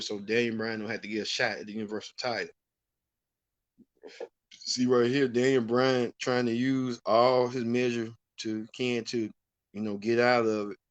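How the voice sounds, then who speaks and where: A man's voice: medium pitch, a bit bright, dry recording. A man hosting a wrestling recap show, giving rambling, opinionated commentary with frequent restarts. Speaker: host.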